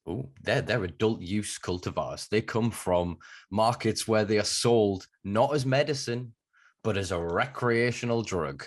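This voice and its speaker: A passionate podcast host with a Northern English accent and a lowish voice. He argues emphatically and swears freely in casual conversation.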